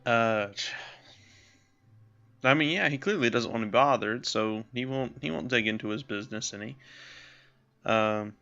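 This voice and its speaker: A man's voice: medium pitch, moderate pace, creaky, pauses often, bright, forceful tone, soft background music. A man casually commenting while playing a role-playing game, musing aloud with self-deprecating asides. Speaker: let's play host voicing characters. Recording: slightly dull lo-fi sound.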